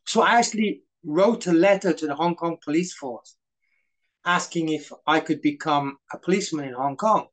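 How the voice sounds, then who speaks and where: A man's voice: on the high side, moderate pace, a bit bright, rough recording. A middle-aged man, a guest in a casual interview, telling anecdotes full of quoted dialogue and fillers. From Britain. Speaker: guest, former stuntman.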